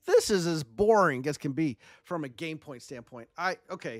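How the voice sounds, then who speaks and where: A man's voice: a little high, lively intonation, moderate pace, hardly any pauses, fairly bright tone, dry recording, clean studio sound. A man streaming a strategy game live, chatting and joking with his viewers as he plays. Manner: chatty, joking, talks to chat.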